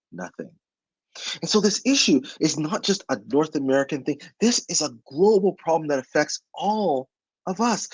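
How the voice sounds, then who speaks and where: A man's voice: a little high, husky, no room sound, poor audio. A man giving a motivational webinar talk as the presenter. He speaks emphatically and asks his audience many rhetorical questions.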